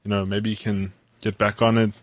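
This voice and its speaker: A man with a low voice runs through football news as a podcast co-host. He speaks in a measured, steady way. The sound is dry, with no room echo. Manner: measured, reads out news items. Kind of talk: casual sports chat.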